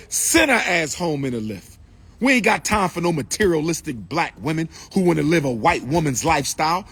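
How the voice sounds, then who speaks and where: A man with a husky, slightly high voice delivers an impassioned address outdoors by a school building. He hammers his points home through repetition in a preaching cadence, slowing right down to drag out long lists. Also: fairly bright tone. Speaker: public speaker addressing a live audience.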